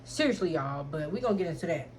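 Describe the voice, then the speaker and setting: A woman's voice: low-pitched, expressive, fast talker, a little hiss or hum. A young adult woman vlogger telling a candid storytime in frank slang, keeps addressing listeners as y'all.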